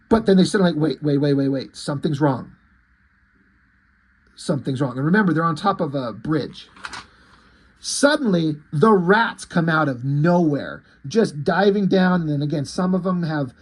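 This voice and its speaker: Casual comic recap, profane rambling man, breathy voice. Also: a little high. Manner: profane, rambling, frequent fillers. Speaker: comic book reviewer.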